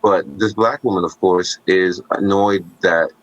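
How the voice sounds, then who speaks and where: A man co-hosting a podcast, telling stories in casual conversation with animated asides and jokes. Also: low-pitched, a little slow, dry recording, muffled recording. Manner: animated storytelling, joking asides.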